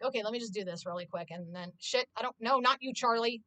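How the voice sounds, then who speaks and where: A woman's voice: fairly high pitch, fast talker, sharp tone, no room sound. A woman streamer in casual live-stream chat, talking freely to her viewers, swearing often and filling her talk with "like". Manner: chatty, swears often, heavy use of "like".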